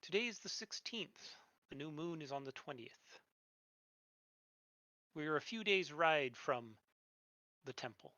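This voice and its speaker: A game master voicing a courteous male patrol leader who speaks gently and formally. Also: mid-range voice, expressive, measured pace, pauses often, no room sound, muffled recording.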